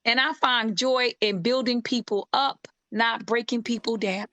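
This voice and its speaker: Woman streamer, high and bright, preaching encouragement to guests. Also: fairly even intonation, unhurried, no room sound. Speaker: livestream host. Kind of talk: casual livestream chat.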